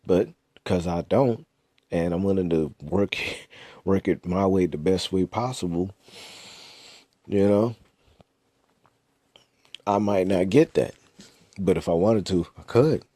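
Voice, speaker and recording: A man's voice: deep voice, slow, pauses often, dark tone, no echo. A young man in a casual monologue as a podcast host, blunt, slangy and profane. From United States.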